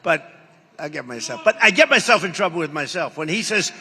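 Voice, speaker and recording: Older man, rally speaker, forceful and rambling, boastful, long hall reverb on a live feed. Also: a little high, expressive, fairly quick. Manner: rambling, boastful, acts out quoted exchanges. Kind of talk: campaign rally speech.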